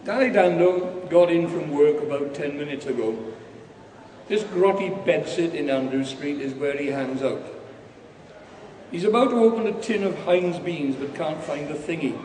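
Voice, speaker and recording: A man reading a comic story aloud to a room, wry and dry with the odd burst of temper. His voice sits slightly high but sounds mellow and dark. It is picked up from a distance in a large hall, with long reverb and faint background ambience. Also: moderate pace, slight background noise. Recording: echoey hall from far off.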